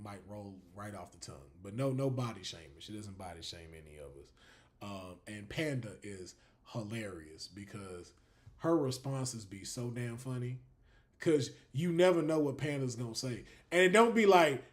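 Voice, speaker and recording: A man hosting a live stream, talking to his chat in a loose, unscripted way. His voice sits in the middle of the pitch range but leaps up and drops low as he gets excited, breaking into laughter and cursing freely. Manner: animated, laughing, swearing, drawn-out fillers. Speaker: livestream host. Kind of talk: casual livestream chat.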